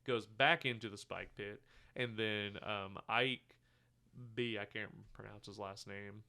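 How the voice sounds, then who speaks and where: A man co-hosting a casual podcast, walking through a film's scenes and putting on the characters' lines as he goes. His voice sits a little low but rings bright and smooth. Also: a little slow. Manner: animated retelling of scenes, acting out quotes, swearing. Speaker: podcast co-host. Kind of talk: casual movie review chat.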